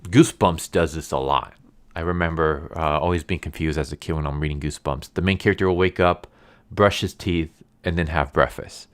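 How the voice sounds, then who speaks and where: A man with a low, smooth voice talks through an anime episode in a loose, chatty way. He rambles, says "like" constantly and sounds easily amused. The feel is an offhand video review. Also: fairly even intonation, fairly quick. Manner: chatty and rambling, heavy use of "like". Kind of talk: casual episode recap and review.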